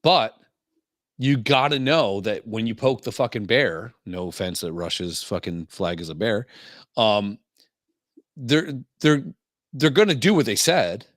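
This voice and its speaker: A man's voice: lowish voice, measured pace, a bit bright, no echo, clean studio sound. A man co-hosting a casual podcast, blunt and crude, giving strong opinions. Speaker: podcast co-host.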